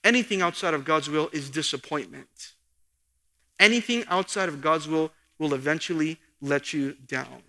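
Male pastor, earnest sermon delivery with emphatic lifts, bright tone, reverberant hall. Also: fairly high pitch, moderate pace. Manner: earnest preaching, rising for emphasis. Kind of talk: expository sermon.

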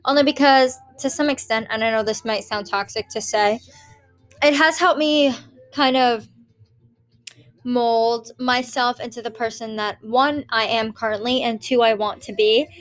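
A woman's voice: a little high, measured pace, fairly bright tone, faint music behind. A young woman chatting casually to her viewers, rambling and swearing with giggles. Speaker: vlogger. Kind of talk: casual chat.

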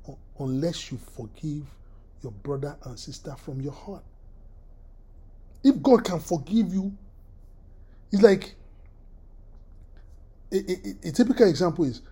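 A preacher giving a sermon, halting and repeating words, often clearing the throat and putting questions to the listeners. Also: medium pitch, warm tone.

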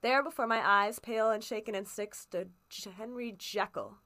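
A woman reading a classic story aloud as a first-person narrator, steady and expressive in emphasis. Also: mid-range voice, normal speed. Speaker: audiobook reader.

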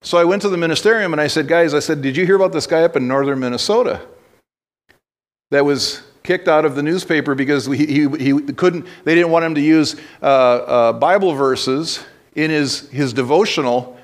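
A man delivers a sermon from the pulpit in a voice pitched a bit above most men. He moves from loose, rambling storytelling full of restarts into blunt, direct calls to his listeners. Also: normal speed. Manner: conversational storytelling with blunt exhortations and frequent restarts. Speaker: pastor.

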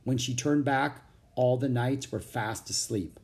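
Here a male narrator voices a children's audiobook with lively, animated storytelling. He sits at a medium pitch and reads a little slowly.

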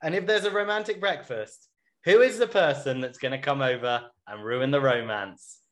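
A man hosting a podcast, recapping a reality show in a joking, animated way. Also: medium pitch, normal speed, slight background noise. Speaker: podcast host. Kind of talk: casual podcast chat.

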